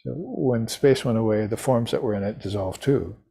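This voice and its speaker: A man giving an unhurried, reflective talk on scripture, now and then chanting short mantras. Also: lowish voice, vocal fry, mellow, breathy edge. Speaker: spiritual teacher. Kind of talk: recorded lecture on scripture.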